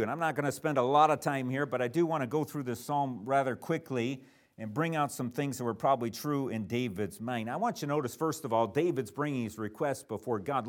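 A man preaching a sermon in a church, earnest and emphatic, with frequent restarts and fillers. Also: on the high side.

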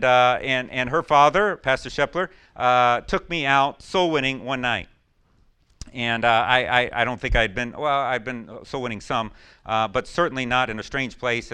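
Folksy preacher man, smooth resonant voice. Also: mid-range voice, sharp tone. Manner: folksy storytelling with many fillers, bursting into whoops. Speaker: pastor. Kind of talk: sermon.

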